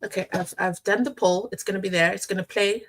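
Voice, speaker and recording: A woman hosting a casual livestream, chatting to her viewers and reacting to a docuseries with lively asides. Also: mid-range voice, quick pace. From South Africa. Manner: chatty and animated, addresses the chat directly, sidetracks.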